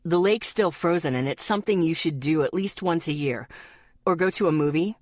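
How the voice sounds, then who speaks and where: A woman's voice: low voice, fairly quick, darkish tone, no room sound, clean studio sound. A woman reading aloud as a shy, sweet teenage boy who mutters bashfully.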